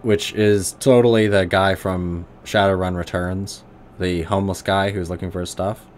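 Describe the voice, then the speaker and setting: A man's voice: deep voice, fairly even intonation, moderate pace, slight background noise. A man giving casual, blunt commentary while streaming a role-playing game. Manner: blunt, profane asides.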